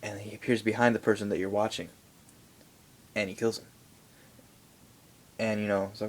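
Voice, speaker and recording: A man's voice: fairly low pitch, moderate pace, long pauses. A young man giving a casual, rambling movie review in a home vlog, full of fillers and asides. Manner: rambling, animated, many fillers.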